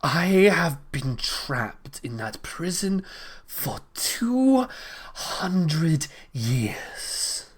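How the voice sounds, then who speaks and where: A woman voicing an imperious female fish spirit, a queen of storms, haughty and scornful, with a booming delivery. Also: very animated, very slow, slightly rough, exaggerated voice. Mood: grand.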